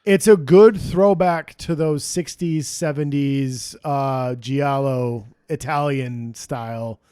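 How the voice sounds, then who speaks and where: A man co-hosting a podcast, chatting about a film in a relaxed way and laughing often. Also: medium pitch, slow, clean tone, no room sound, clean studio sound. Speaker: podcast co-host. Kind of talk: casual movie review chat.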